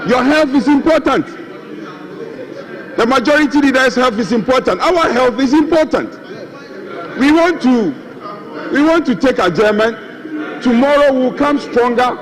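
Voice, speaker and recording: High-voiced man pleading insistently. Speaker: minority chief whip in parliament. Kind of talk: impassioned parliamentary plea. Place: large parliament chamber. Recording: noisy chamber with members murmuring.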